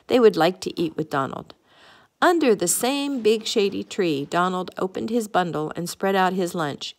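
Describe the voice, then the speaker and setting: A woman reading a children's picnic story aloud in a homey way, now and then stumbling and correcting herself. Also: fairly low pitch. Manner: homey read-aloud with small slips and self-corrections. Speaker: storybook reader.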